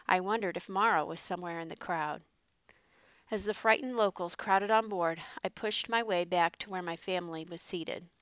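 Woman narrator, smooth and clear, close dry sound, measured storybook reading. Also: fairly low pitch, a bit bright, no room sound.

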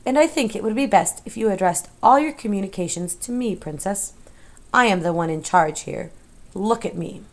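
A woman's voice: medium pitch, lively intonation, normal speed, close to an everyday voice. A woman voicing a silky menacing rat villain. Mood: coldly menacing. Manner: smooth, coldly polite threats. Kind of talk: audiobook character voice.

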